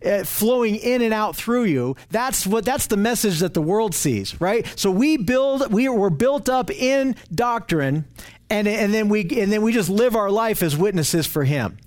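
A man's voice: high-pitched, expressive, a little slow. A man preaching an earnest teaching sermon, reading scripture aloud and explaining it, with frequent restarts. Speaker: pastor.

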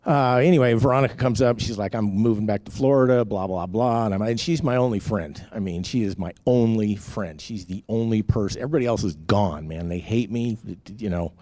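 Guy with a lowish voice rambling through his own story, lots of ums and restarts, dry close sound. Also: a little fast, hardly any pauses, a little mellow, no echo. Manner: rambling, candid, heavy with fillers and restarts. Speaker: testimony speaker. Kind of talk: personal testimony storytelling.

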